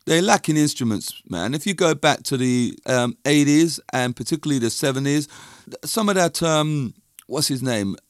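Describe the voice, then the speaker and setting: A man's voice: a little high, expressive, normal speed, dry recording, clean studio sound. A middle-aged man from London with a London accent, talking in a casual, rambling, opinionated monologue that drifts off topic. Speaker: music and dance teacher.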